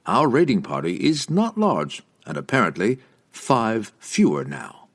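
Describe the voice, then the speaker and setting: A man voicing a worldly male dark elf mercenary leader in an audiobook, speaking in a measured, reluctant way. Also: on the low side, huge pitch swings, heavily acted. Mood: wry.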